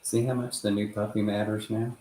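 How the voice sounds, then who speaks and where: A man's voice: on the low side, flat delivery, fairly quick, mellow. A man with a West Texas accent telling stories in a casual, rambling way, swearing freely and chuckling as he goes. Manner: profane, chuckling storyteller. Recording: roomy echo.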